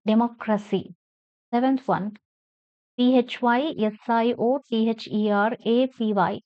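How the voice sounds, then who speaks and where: A woman's voice: fairly high pitch, fairly even intonation, a little slow, smooth, no echo, lo-fi sound. A woman teaching an English lesson, spelling words letter by letter and stressing syllables as she reads aloud.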